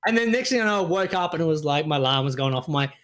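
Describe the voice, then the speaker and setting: A man's voice: a little high, expressive, racing, a bit bright. A man, co-hosting a podcast with rambling, sweary storytelling full of fillers. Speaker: podcast co-host. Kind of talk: casual chat.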